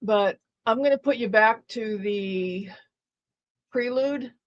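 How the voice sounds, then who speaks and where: A woman hosts a livestream with unhurried, blunt commentary, taking her time between words. Her voice sits a little high, and the audio comes through muffled and lo-fi. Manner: laid-back, unhurried, blunt. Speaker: livestream host. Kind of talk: casual stream commentary.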